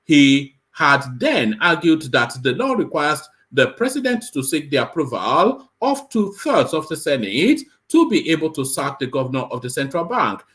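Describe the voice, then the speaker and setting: Man, live show host, reads news and comments, animated pitch, fairly high voice, stumbling fillers. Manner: halting, many fillers and repeated words; sarcastic asides. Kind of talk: reading news aloud with commentary.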